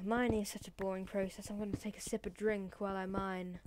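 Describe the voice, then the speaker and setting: A woman's voice: medium pitch, steady tone, a little mellow. Woman rambling silly game commentary. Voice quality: deliberately put-on voice. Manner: silly, rambling, random chatter to in-game pets. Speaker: gaming channel host. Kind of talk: let's play commentary. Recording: noisy recording with clicks.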